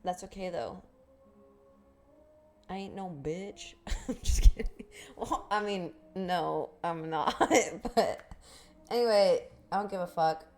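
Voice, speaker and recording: A woman's voice: on the low side, slow pace, pauses often, a little mellow. Rambling, swearing woman streamer. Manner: rambling, swearing, laughs often. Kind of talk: casual livestream chat.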